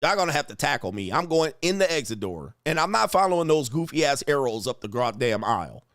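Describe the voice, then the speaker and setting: Animated, profane man ranting. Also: mid-range voice, a little fast, dry recording, studio quality. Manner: profane, animated ranting with frequent laughs and slang. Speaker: livestream host answering superchats. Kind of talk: casual livestream rant.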